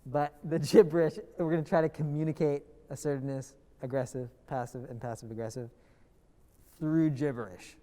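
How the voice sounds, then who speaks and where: Mellow male instructor in a reverberant room. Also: a little high, steady tone, a little fast. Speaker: improv workshop instructor. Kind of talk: explaining teaching exercises.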